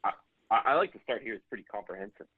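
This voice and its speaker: A man calling in, explaining things steadily in a very deep, husky voice. He comes through a tinny phone line with a dry sound. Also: rapid-fire, no echo. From Canada. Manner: steady, explanatory, repeats words when starting.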